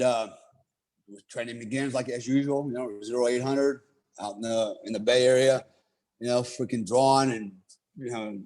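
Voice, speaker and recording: A man telling a long story in a casual way, swearing freely and saying "you know" and "right?" often. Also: mid-range voice. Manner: profane, laid-back, heavy on "you know" and "right?".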